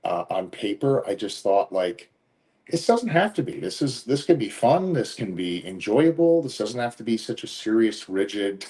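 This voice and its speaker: A man being interviewed as a guest, telling relaxed stories in casual conversation and often laughing while he talks. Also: lowish voice, moderate pace. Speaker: interview guest, professional wrestler.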